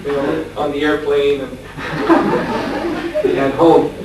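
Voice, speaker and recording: A male monk tells a long anecdote during a scripture class in a relaxed, conversational way, with frequent chuckles and hesitant fillers. His voice sits at an average pitch. The recording is distant, heavily reverberant and carries a faint hiss. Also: drawn-out words. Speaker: monk lecturer. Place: lecture room at a farmstead. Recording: echoey room, distant mic, faint hiss.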